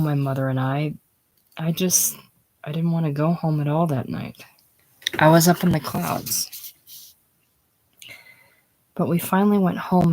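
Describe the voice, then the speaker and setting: A woman voicing a chatty, excitable young woman who rattles on about her stage triumph, in a casual script reading. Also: deep voice, rough recording. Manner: rattles on breathlessly, gushing.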